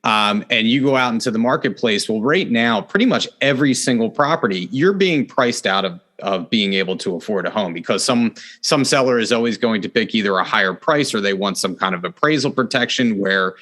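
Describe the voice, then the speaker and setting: A middle-aged man hosting a real estate podcast in casual interview chat, earnest, and he jumps up in pitch to stress a point. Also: animated, fairly quick, few pauses, fairly bright tone.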